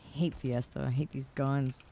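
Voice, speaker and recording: A woman's voice: a bass voice, flat delivery, normal speed, warm tone. A woman streaming a video game, chatting casually in a teasing, giggly, sarcastic way.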